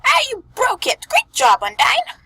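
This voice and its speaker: Papyrus, a woman doing a shrill skeleton. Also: huge pitch swings, measured pace, no room sound, full character voice. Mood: alarmed. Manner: shrill, shouting. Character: loud excitable male skeleton.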